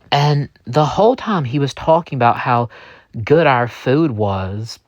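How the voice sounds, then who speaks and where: A man's voice: medium pitch, expressive, takes it slowly, no echo, muffled recording. A man telling a first-person story in character, rambling with many restarts and fillers.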